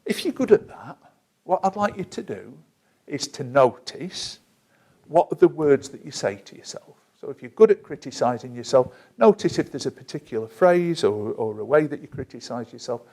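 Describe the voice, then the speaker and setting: A man teaching a self-help technique in a calm, guided way, slowing down to give step-by-step instructions. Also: mid-range voice. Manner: measured and gentle, slows down to give instructions.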